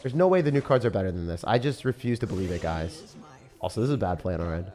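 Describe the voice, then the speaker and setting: A young man giving casual, excitable gameplay commentary, often breaking into disbelief and calling the listener dude or bro. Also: low-pitched, fast talker, faint music behind. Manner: excitable, frequent disbelief outbursts, calls viewers dude and bro. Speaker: gaming creator.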